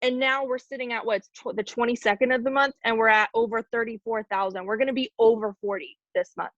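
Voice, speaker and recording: A woman's voice: a little high, steady tone, brisk, fairly bright tone, no room sound. Emotional woman on a dull video call. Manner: emotional, candid, casual with filler "like". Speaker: team leader speaking to her team. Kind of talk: motivational talk on a video call.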